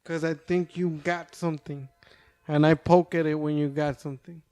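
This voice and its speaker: High, smooth-voiced man rambling. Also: flat delivery, normal speed, darkish tone. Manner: rambling, swears often, stammers restarts. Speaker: stand-up comedian. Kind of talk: casual podcast chat.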